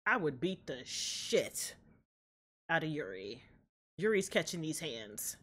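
Loud, profane young woman yelling at the screen. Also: sits low, slow pace. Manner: loud, profane, animated trash talk at the screen. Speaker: reaction video host. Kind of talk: casual reaction commentary.

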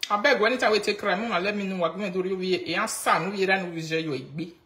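A woman's voice: mid-range voice, quick pace, reverberant. A Nigerian woman ranting casually on a live video in mixed Pidgin and local languages. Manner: mixes Pidgin and local languages, mocking, animated. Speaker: social media commentator.

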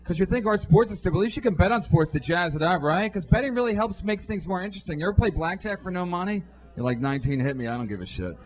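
A man performing a profane stand-up routine on a comedy club stage, throwing quick asides to the crowd through a handheld mic. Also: high-pitched. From Irish-American.

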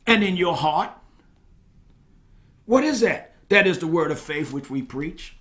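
Preaching man with a higher voice. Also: animated, unhurried, pauses often. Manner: swings between loud exclamations and soft asides, asks the congregation questions. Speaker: pastor. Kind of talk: sermon.

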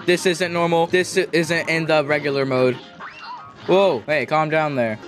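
Young male gaming host, higher voice, jokey, loud outbursts, faint game music under. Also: measured pace. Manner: excitable, jokey, yells when losing. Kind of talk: gameplay commentary.

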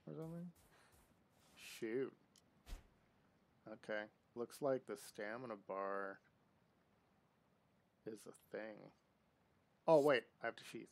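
Slow gravelly man streaming a game. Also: lowish voice, expressive. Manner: chatty, talks to in-game objects. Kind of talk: live gameplay commentary.

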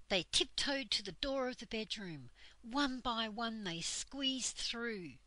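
Older woman reading a kids' book aloud, very slow, bright and close, dry sound. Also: fairly low pitch, animated, no echo, poor audio. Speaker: storyteller.

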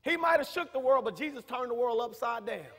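High-voiced preacher in a hall. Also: male voice, animated, a little fast, a little hiss or hum. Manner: preaching, rising to shouts, talkative, repetitive. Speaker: minister. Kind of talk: sermon. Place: church sanctuary. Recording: reverberant church hall.

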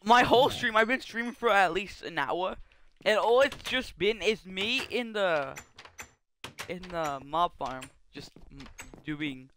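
A young man chatting casually on a gaming livestream, joking and rambling with quick laughs. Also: high-pitched, lively intonation, pushed and bright, a little hiss or hum. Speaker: streamer.

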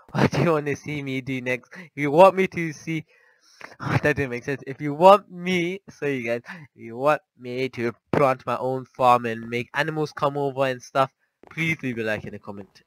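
A man giving casual, chatty commentary over his gameplay, easily startled and quick to panic. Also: mid-range voice, fairly even intonation, a bit bright, poor audio. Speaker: gaming channel host.

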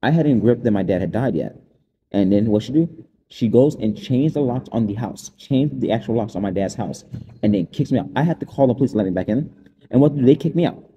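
Man, unscripted personal monologue: fast, rambling and aggrieved, with a deep, very warm and dark tone. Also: animated, dull audio, a little hiss or hum. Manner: rambling and aggrieved, jumping between events.

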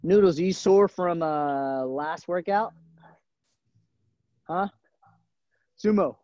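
A man's voice: high voice, slow, dark tone, no room sound. Upbeat male coach on a lo-fi video call. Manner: upbeat, encouraging, calls out kids by nickname. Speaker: gymnastics coach. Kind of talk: live virtual fitness class. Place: gym. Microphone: camera mic on a video call.

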